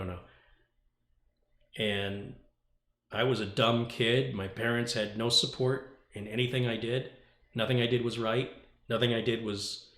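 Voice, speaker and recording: A man hosting a casual tech stream, telling a story in an animated, ranting way. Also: mid-range voice, reverberant. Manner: ranting, animated storytelling with mock quoted voices. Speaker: tech YouTuber host. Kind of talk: casual livestream chat.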